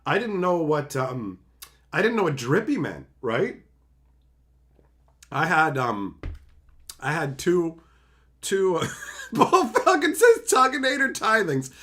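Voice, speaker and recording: A man from Canada reading chat messages aloud and chatting casually on his livestream, jokey and animated, often slipping into mocking voices. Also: a little high, slow, long pauses.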